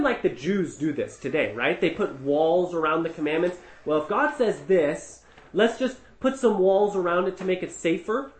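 A man's voice: high voice, reverberant. A man preaching an expository Bible teaching in a conversational way, with rhetorical asides and frequent restarts.

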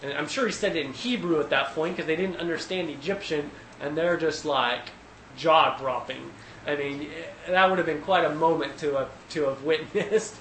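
A man's voice: a little high, moderate pace, a little hiss or hum. Man leading a Bible study, echoey room. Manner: thinking aloud with many fillers and restarts, animated when retelling scenes. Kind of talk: casual Bible study teaching.

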